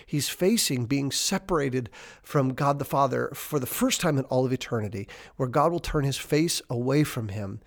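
A man preaching an informal sermon, retelling scripture in a casual, riffing way and slowing down to stress key words. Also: medium pitch. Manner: conversational, unscripted, slows down for emphasis. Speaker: pastor.

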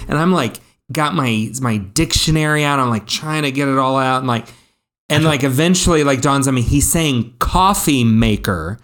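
A man's voice: medium pitch, normal speed, fairly bright tone. A man in his thirties co-hosting a podcast, rambling through anecdotes in casual chat with lots of likes and restarts. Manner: rambling storyteller, many fillers and restarts. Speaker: podcast co-host.

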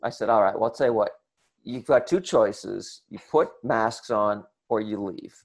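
A man telling a comic story to an audience, animated and acting out the people in it. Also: on the low side, normal speed. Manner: animated, acts out voices and shouts in the retelling. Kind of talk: comic anecdote told to an audience.

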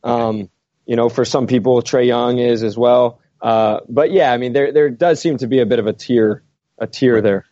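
A man draft analyst answering in a measured, hedging way. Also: medium pitch, fairly even intonation, mellow, no echo, lo-fi sound. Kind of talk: basketball podcast discussion.

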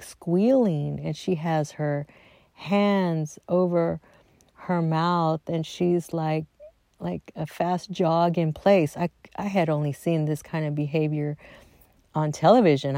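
A middle-aged woman with a lowish, gravelly voice tells a family story in a relaxed, chatty way. She slips into the voices of the people she quotes and drops to soft asides. The recording is dry and close. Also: unhurried, dry recording. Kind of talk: casual personal storytelling.

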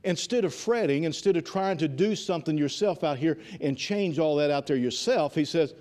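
A man with a high voice preaches to a congregation in a church. He builds his points by repeating lines and often restarts his phrases mid-thought. His delivery is fervent and insistent. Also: normal speed, darkish tone. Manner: fervent, repetitive, with frequent restarts. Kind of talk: evening sermon.

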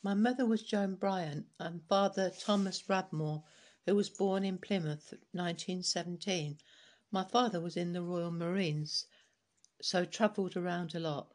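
A woman reading collected life stories aloud in a steady, unhurried way, with small restarts now and then. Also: on the low side.

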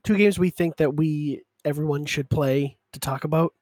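A man with a somewhat high voice chimes in on a podcast with short, easygoing replies. The sound is close and dry. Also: moderate pace, darkish tone, dry recording. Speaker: podcast co-host. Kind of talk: casual chat.

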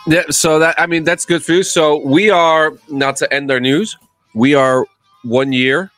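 A man's voice: a little high, fairly even intonation, a little slow, a bit bright, faint music behind. A man co-hosting a podcast in casual chat, adding short remarks and bringing up figures. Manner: brief agreeing interjections, reads out figures. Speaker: podcast co-host.

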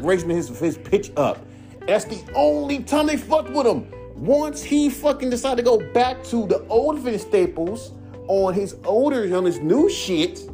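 Over faint music, a man in his thirties who raps and hosts a casual podcast goes on a heated, rambling, profanity-laced rant. His voice sits high and slightly mellow, at a normal speed.

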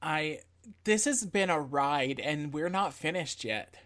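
A woman's voice: low voice, animated, slow, fairly bright tone. A woman co-hosting a podcast who reacts with wry, joking comments. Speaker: podcast co-host. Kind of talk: casual chat.

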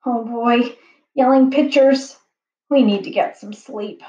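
A woman's voice: on the high side, expressive, a little slow, darkish tone, far from the mic. A woman voicing a nervous grown man, a thief's sidekick with a quivery way of talking. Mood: jittery. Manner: quivery, jittery. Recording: dull, roomy home recording.

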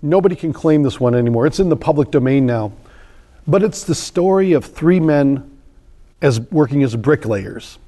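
A man in his fifties talks as a podcast guest with a warm, mellow tone that sits a touch high. He tells stories in an animated way and acts out the voices of the people in them. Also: moderate pace. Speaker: guest sales trainer. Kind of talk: podcast interview storytelling.

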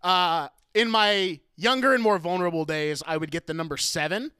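A man's voice: high voice, moderate pace, sharp tone, smooth, no room sound, studio quality. A man hosting a podcast, chatting in a jokey, playful way. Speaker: podcast host. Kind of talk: casual chat.

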